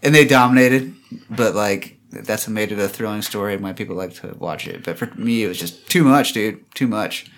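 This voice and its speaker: A man's voice: on the low side, normal speed, a bit bright. A man in a laid-back casual chat among friends, often calling them dude.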